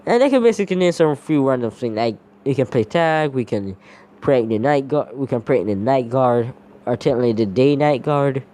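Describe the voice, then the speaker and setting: A man's voice: medium pitch, expressive, normal speed, mellow. A man narrating a fan story in a loose, rambling way, leaning on "basically" over and over. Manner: rambling, leans heavily on "basically".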